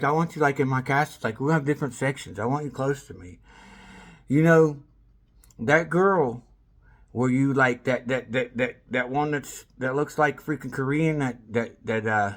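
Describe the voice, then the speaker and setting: A man talking in a rambling, casual monologue, swearing freely and breaking into laughter, swinging from loud excitement to low mumbles. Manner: rambling, with restarts and bursts of laughter. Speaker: vlogger.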